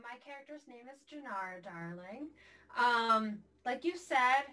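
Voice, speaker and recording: Woman player with a bright voice. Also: a little high. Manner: calm, plain, with fillers. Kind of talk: tabletop game play. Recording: voice a little distant from the mic.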